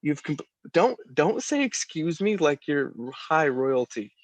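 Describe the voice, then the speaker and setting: A man's voice: on the high side, big pitch swings, takes it slowly, no echo. A young man co-hosting a podcast over a video call, exasperated and laughing as he calls out his friend. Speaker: podcast co-host. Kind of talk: casual joking chat.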